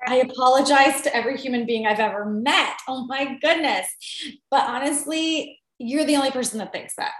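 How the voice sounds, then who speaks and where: A woman co-hosting a podcast, chatting casually in an animated, self-deprecating way. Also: high voice, moderate pace. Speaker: podcast co-host. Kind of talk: casual chat. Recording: roomy echo.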